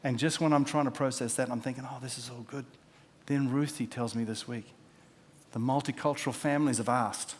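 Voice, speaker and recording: A man, a pastor preaching a sermon, telling stories and acting out the quotes, dropping from loud to hushed. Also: medium pitch, steady tone, fairly quick. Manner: storytelling with acted-out quotes, swinging from loud to hushed.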